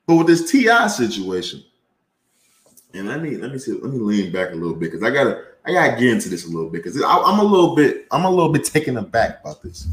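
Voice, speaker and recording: A man's voice: very animated, quick pace, slightly rough. A man hosting a podcast, ranting casually with heavy profanity and rising heat. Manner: profane, heated, gets louder and higher when ranting. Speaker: podcast host.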